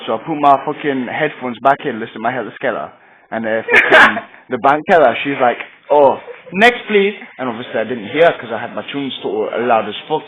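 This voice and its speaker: A man's voice: mid-range voice, fast, crowd noise. A young man telling a comic first-person story as a brash, swearing, boastful raver. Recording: dull lo-fi home video audio.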